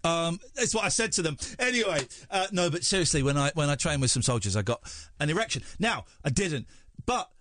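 A man's voice: a little high, very animated, fairly quick, a bit bright, dry recording, clean studio sound. A man with an English accent hosting a radio show, rambling and self-mocking in casual chat. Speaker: radio host.

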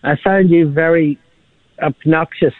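A man's voice: a little high, fairly even intonation, a little slow, no room sound. A man calling a radio show from bed, hesitant and giggly while bluntly criticizing the host. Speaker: caller. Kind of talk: phone-in call. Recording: tinny phone line.

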